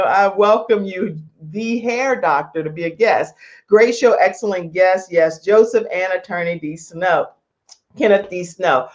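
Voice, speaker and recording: A woman's voice: lowish voice, unhurried, dull audio. A woman hosting an online talk show, chatty and playful, laughing between asides to her viewers. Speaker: host.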